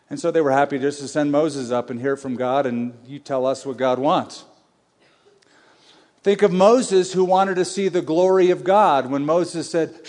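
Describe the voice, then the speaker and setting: A male pastor preaching a sermon, conversational and emphatic, swinging between loud and hushed. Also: fairly high pitch, moderate pace. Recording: long reverb of a large hall.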